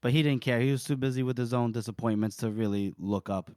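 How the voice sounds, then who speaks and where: A man co-hosting a podcast, recapping a book chapter in an animated way and laughing often. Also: medium pitch, quick pace, dry recording, studio quality. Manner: animated retelling with frequent laughs. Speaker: podcast co-host.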